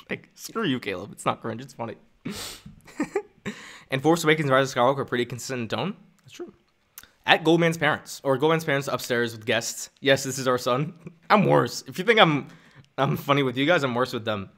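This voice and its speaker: A young man chatting casually on a live stream, animated and laughing often, stumbling and restarting his sentences. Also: medium pitch, a little fast.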